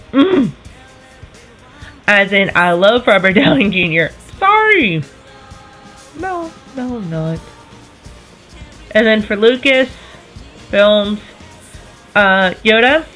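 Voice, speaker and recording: A woman in her twenties chatting casually to camera as a vlogger, enthusiastic, with quick self-correcting asides. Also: mid-range voice, sing-song, fairly bright tone, faint music behind, rough recording.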